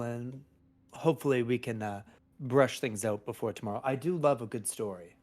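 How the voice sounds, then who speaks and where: A man playing a tabletop role-playing game, speaking in character as a courteous, hesitant gentleman who often restarts his words. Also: mid-range voice, lively intonation, moderate pace. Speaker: player.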